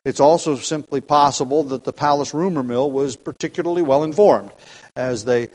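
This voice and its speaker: A man leading an evening Bible study as pastor, teaching in a measured, reflective way with frequent restarts and fillers. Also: mid-range voice, a little mellow.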